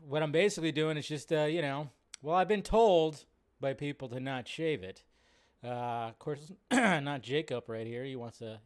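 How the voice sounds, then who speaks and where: Male film-news streamer, somewhat high voice, casual and rambly, close mic. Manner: rambling, loose and conversational, lots of fillers. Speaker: host of a live film news show. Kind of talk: casual live-stream chat.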